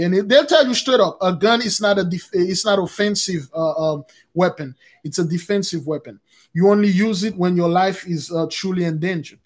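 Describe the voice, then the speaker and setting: A man's voice: high-pitched, moderate pace. A man hosting a casual spiritual talk, rambling and repeating himself as he keeps calling his listeners brothers and sisters.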